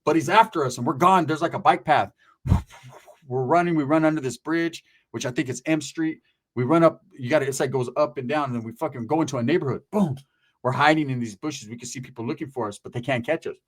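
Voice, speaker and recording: A man telling a story in casual chat, animated and profane, full of street slang and shouted sound effects. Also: medium pitch, fast talker.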